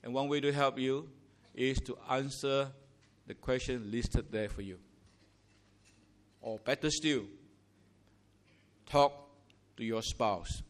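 A man's voice: medium pitch, fairly even intonation, slow, long pauses. A man from Singapore, preaching a sermon in church with emphatic rhetorical questions and rising declarations. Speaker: pastor. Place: church sanctuary.

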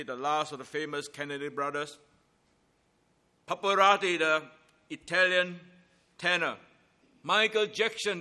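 A man preaching a Good Friday sermon in an emphatic, deliberate way, stressing his key phrases. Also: fairly high pitch, bright, forceful tone.

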